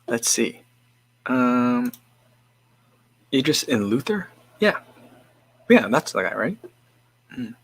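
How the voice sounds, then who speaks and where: A man's voice: mid-range voice, big pitch swings, slow pace, gravelly, long pauses, slightly rough. A man hosting a livestream in a casual chat, reading out viewer comments and musing in a rambling way with frequent restarts. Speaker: livestream host.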